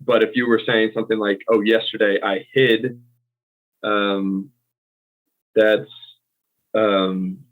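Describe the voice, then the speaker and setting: An American man who co-hosts and tutors English explains usage in a casual teaching chat, hesitant and full of ums as he corrects himself. His lowish voice barely moves in pitch, and he speaks slowly with frequent pauses. The audio sounds tinny, like a phone call.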